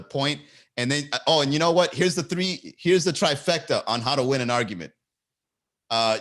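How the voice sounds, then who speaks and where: A man's voice: medium pitch, fairly bright tone. A man hosting a comedy podcast, riffing casually, often laughing and swearing freely.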